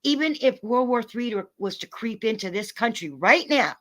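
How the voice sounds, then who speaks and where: Angry woman streamer, profane rant, fast bursts, somewhat high voice. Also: expressive. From North America. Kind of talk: angry rant to a live audience.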